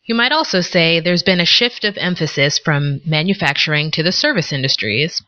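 A woman co-hosting a podcast, teaching vocabulary in a scripted lesson and explaining words with example sentences in a measured way. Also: sits low, lively intonation, bright, forceful tone. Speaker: podcast co-host. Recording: dull lo-fi recording.

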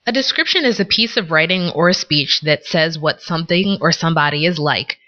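Woman, low voice, bright tone, measured scripted lesson, lo-fi recording. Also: lively intonation. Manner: measured, explains words with examples. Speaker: podcast co-host. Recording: dull lo-fi recording.

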